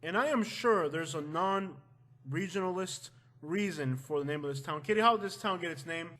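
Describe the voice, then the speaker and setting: A man from Florida hosting a casual vlog, talking loosely and breaking into loud joking outbursts at home. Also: on the high side, normal speed. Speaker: vlog host. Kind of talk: casual chat. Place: at home with his wife.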